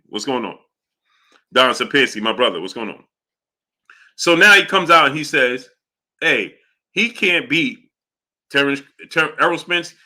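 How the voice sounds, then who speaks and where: A man hosting a casual boxing livestream, giving shout-outs and laughing often as he talks. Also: medium pitch. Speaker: livestream host.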